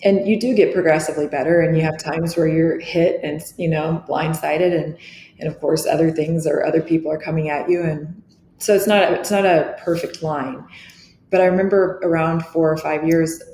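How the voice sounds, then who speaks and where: Earnest middle-aged lady guest, kinda low voice, roomy echo. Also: fairly even intonation, normal speed, mellow. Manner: earnest, reflective, restarts often. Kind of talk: candid interview talk. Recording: echoey room with faint noise.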